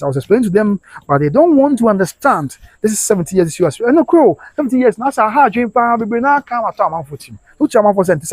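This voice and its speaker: A man's voice: sits high, darkish tone, no room sound. A man with a Ghanaian accent hosting a casual live stream, reading out viewer comments, laughing often and switching between English and Twi.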